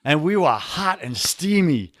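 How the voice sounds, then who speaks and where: A man's voice: fairly high pitch, very animated, a little slow, slight background noise. Emphatic New York man, preachy and fired up. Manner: emphatic, preachy, calls listener brother. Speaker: podcast guest, men's coach. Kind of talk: energetic motivational talk.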